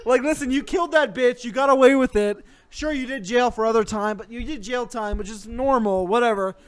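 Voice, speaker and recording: A man's voice: very high-pitched, brisk, smooth. A man hosting a comedy show, ranting angrily and swearing constantly, with mock threats. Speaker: host. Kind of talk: comedic profane rant.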